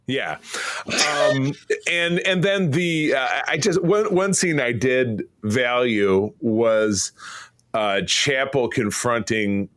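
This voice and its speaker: A man co-hosting a podcast in casual chat, animated and quick to laugh, sometimes mimicking characters. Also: medium pitch, no echo. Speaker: podcast co-host.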